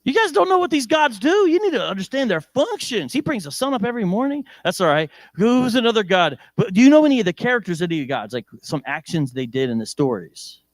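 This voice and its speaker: A male preacher with an American accent giving a lively sermon in church, joking and asking the congregation questions. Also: sits high, fast talker, few pauses, dry recording.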